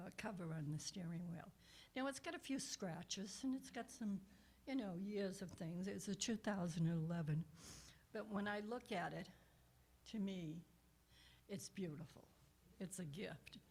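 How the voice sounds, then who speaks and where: An older woman, a guest minister, telling a personal story in a conversational sermon, with soft asides and frequent restarts. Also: fairly low pitch, slightly rough. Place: church.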